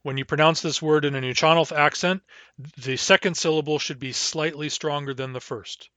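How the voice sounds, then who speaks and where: A man's voice: a little high, fairly even intonation, pushed and bright, no room sound. A man giving a recorded language lesson, carefully repeating each word and explaining its pronunciation. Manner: measured, spells out and repeats each word slowly. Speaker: language teacher.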